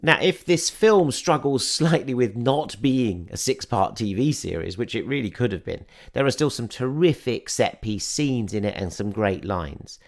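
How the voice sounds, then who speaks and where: A man's voice: mid-range voice, animated, moderate pace, hardly any pauses. A man hosting a film podcast, giving a chatty, enthusiastic and wry review. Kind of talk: scripted film review and interview intro.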